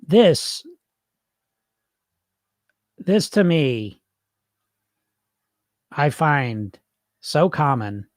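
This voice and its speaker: A middle-aged man hosting a casual podcast, reading listener comments and answering them in a blunt, animated way, now and then swearing and acting out the voices in people's heads. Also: medium pitch, dry recording, studio quality. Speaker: podcast host and weight-loss coach.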